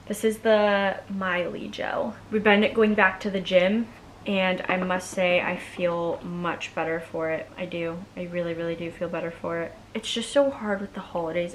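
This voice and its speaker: A woman's voice: fairly low pitch, flat delivery, normal speed, slight background noise. A young woman vlogging at home, chatting casually and bubbly, saying "like" a lot while she does her nails. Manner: chatty, bubbly, heavy use of "like".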